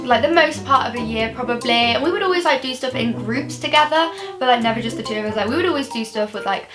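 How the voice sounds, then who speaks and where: A woman's voice: fairly high pitch, quick pace. A young woman chatting through a personal story for her vlog, rambling and full of "like" fillers. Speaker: vlogger. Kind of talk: casual storytime. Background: background music.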